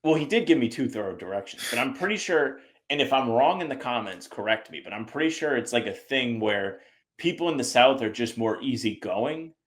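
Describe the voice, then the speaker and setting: A man from the US Northeast, co-hosting a sports podcast in casual chat, animated and acting out the people he quotes. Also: medium pitch, fairly quick. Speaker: podcast co-host.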